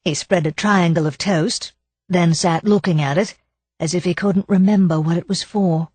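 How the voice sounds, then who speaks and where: A woman reads a mystery audiobook in a measured, expressive style. Her voice is low-pitched and husky, and the recording sounds close and dry with no room echo. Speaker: audiobook narrator. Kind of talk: scripted narration.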